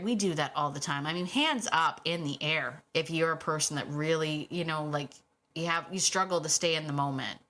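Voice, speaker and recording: A middle-aged woman hosting a casual solo podcast about dogs, animated and quick to act out what dogs might say, laughing often. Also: deep voice. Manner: animated, acts out dogs' voices, laughs often. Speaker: podcast host and dog trainer.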